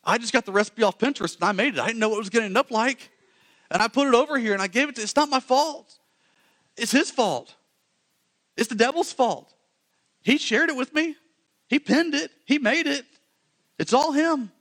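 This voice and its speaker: A man voicing a flustered Eve, high and rushed as she shifts blame to everyone else in a sermon skit. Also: fairly bright tone. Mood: defensive.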